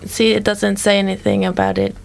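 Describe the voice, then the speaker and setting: Rambling woman with a gravelly voice. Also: medium pitch, big pitch swings, fairly quick. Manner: rambling, many restarts and "you know". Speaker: discussion guest. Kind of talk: casual art discussion.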